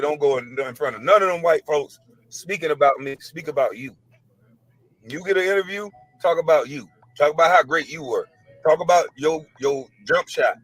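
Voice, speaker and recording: A man's voice: fairly high pitch, fairly bright tone, rough recording. Blunt man explaining himself plainly. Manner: blunt, matter-of-fact, frustrated. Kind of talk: casual self-defending explanation.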